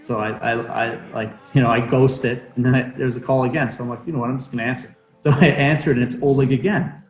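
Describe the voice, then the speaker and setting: A man's voice: mid-range voice, fairly even intonation, quick pace, echoey room, soft background music, low-quality recording. A young man, a professional hockey player, chatting in an interview from home over a remote call, hesitant with many fillers and restarts. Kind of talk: casual interview chat.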